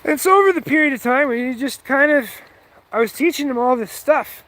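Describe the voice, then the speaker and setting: High-voiced man telling a profane story. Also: a little fast, pushed and bright. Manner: profane, heated, rambling. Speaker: vlogger. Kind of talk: casual storytelling.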